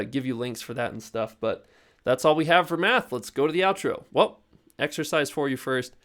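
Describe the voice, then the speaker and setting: A man's voice: mid-range voice, a bit bright. Chatty young man teaching code. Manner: loose and chatty, heavy with fillers like "like" and "you know". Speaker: programming instructor. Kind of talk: casual screen-recorded coding lesson.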